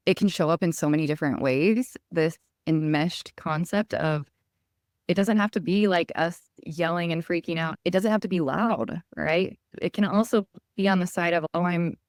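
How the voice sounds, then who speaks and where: A woman's voice: lowish voice, no room sound, studio quality. A woman hosting a casual podcast conversation, explaining ideas and often checking in with "right?".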